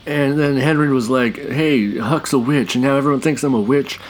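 A man's voice: medium pitch, normal speed, natural voice, poor audio. A man voicing a simple, befuddled male farmer who stammers and rambles, out of breath. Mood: flustered.

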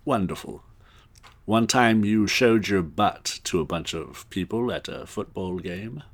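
A stiff, formal tour company boss with a put-on English accent scolds his worker. A man acts him out in a very low voice, clipped and proper. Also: a little slow. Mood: stern. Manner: prim, formal reprimanding.

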